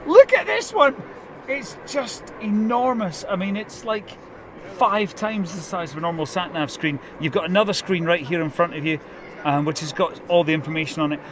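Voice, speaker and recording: A man's voice: on the high side, a bit bright, a little hiss or hum. A man, a radio presenter chatting enthusiastically and laughing a lot at an outdoor motor event. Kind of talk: excited casual chat.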